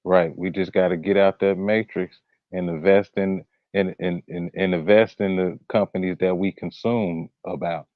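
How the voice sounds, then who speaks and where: A man's voice: deep voice, steady tone, normal speed, no room sound, narrow, tinny audio. A man in casual chat, mostly chiming in with short words of agreement. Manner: brief agreeing interjections.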